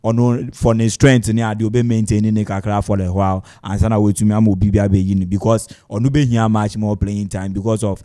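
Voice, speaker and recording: Man, radio football analyst, low mellow voice, hesitant, lots of fillers. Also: brisk, hardly any pauses. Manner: hesitant, many fillers, steady analytic talk, soft laughs. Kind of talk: live match analysis.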